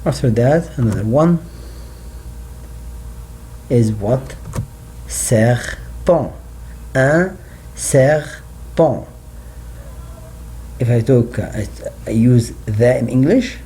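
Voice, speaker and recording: A man teaching slow classroom French lesson. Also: mid-range voice, mellow, slight background noise. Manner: slow, repeats words for learners.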